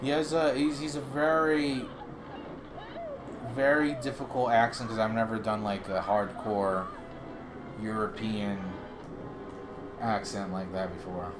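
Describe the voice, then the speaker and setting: A man's voice: on the low side, flat delivery, unhurried, long pauses, slight background noise. A man hosting a livestream, chatting casually, joking and swearing as he thinks aloud. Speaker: livestream host.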